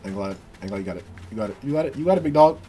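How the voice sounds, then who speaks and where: A man giving excitable, slangy, joking commentary while playing a video game, swinging from low mutters to yells. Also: racing. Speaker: gaming streamer. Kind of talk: let's play commentary.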